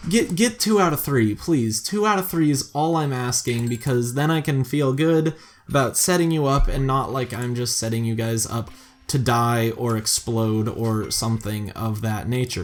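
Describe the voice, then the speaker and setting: A man giving easygoing let's-play commentary, mid-pitched and conversational. He chats through each choice, pokes fun at himself and now and then jumps up into excited exclamations. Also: moderate pace. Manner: chatty, excitable bursts, self-mocking asides. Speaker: gaming video host.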